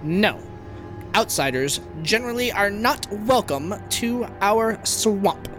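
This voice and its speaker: Frog guard in conquistador armor, pompous and blustering, high squeaky voice with wild swoops, flusters fast; a man puts it on for a tabletop game. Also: lively intonation, over music. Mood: suspicious.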